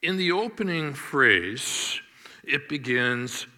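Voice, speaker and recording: A pastor delivering a sermon in a deliberate, emphatic manner, stressing key words. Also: male voice, mid-range voice, lively intonation, sharp tone, in a large hall.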